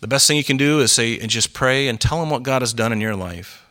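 The sermon comes from a middle-aged pastor whose mid-range voice moves fairly quickly. Earnest and storytelling in tone, he grows steadily more animated.

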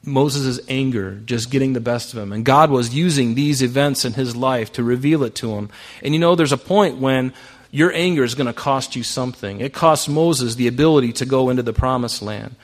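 A man with a mid-range voice preaches a sermon at a moderate pace. His delivery is conversational, and he often puts rhetorical questions to the congregation.

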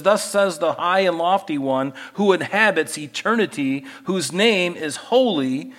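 A male pastor with a slightly higher voice delivers an expository sermon. He reads scripture with rising, emphatic force, then drops into soft, conversational asides and rhetorical questions. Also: long reverb tail. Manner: animated, swings from loud emphatic scripture reading to quiet asides.

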